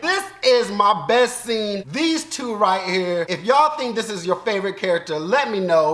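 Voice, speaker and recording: Here the same kind of Southern-accented YouTube reaction host appears, his voice sitting high in a reverberant space. He offers casual commentary full of jokes and animation, with bursts of loud outbursts and laughter.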